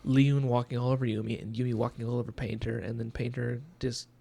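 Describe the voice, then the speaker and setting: An excitable man co-hosting a book podcast, chatting casually and laughing often. His voice has a gravelly, fried edge. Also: medium pitch, fast talker, slight background noise. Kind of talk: casual chat.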